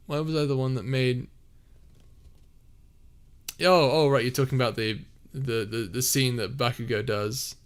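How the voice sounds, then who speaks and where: A young man chatting loosely on a live stream from his house. His voice sits in a middle pitch, and he wanders into fillers and restarts as he reads and reacts to comments. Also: fairly even intonation, moderate pace, smooth. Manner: easygoing, rambling, many fillers and restarts. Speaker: streamer and audio roleplay creator. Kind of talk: casual live-stream chat, reading comments. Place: a house, indoors.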